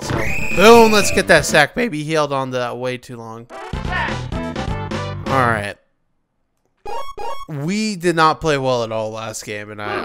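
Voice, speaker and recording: A young man giving casual, excitable commentary while playing a video game, often exasperated and shouting at the players. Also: mid-range voice. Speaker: let's play gamer. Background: video game music.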